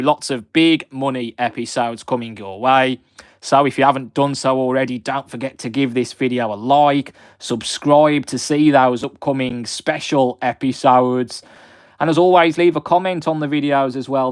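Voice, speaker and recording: A man's voice: medium pitch, clear, resonant tone, dry recording, clean studio sound. A man in his twenties with a Black Country accent, hosting a live stream and chatting with viewers in a friendly, rambling way, with frequent fillers. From West Midlands of England. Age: 20s.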